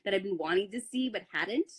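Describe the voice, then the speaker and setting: A woman's voice: medium pitch, expressive, fairly quick, slightly rough. A woman chatting casually on a phone live stream, reading out fan questions, giggly and full of "like". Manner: giggly, lots of "like".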